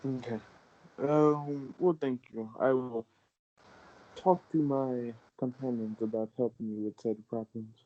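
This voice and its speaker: A man playing his character in a tabletop game, speaking in a halting, earnest way. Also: mid-range voice, highs cut off. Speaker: player.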